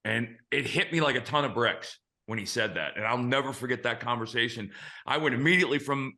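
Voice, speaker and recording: A man in his fifties hosts a casual sports chat, spinning frank, salty anecdotes from his playing days. His voice is bright and forward, and the pitch sits at an ordinary middle level. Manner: frank, profane anecdotal storyteller. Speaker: host, former big-league pitcher.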